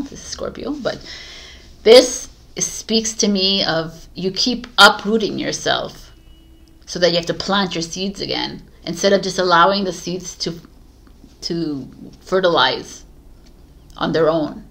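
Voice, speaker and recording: A woman giving a casual tarot reading to camera, coaching her viewers in an animated way and laughing often. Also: fairly low pitch, unhurried, vocal fry. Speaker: tarot reader.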